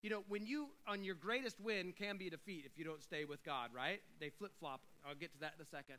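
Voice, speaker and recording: A male pastor preaches a sermon, working through scripture and building to loud, emphatic declarations. His voice sits a little high and moves briskly, and the recording quality is low.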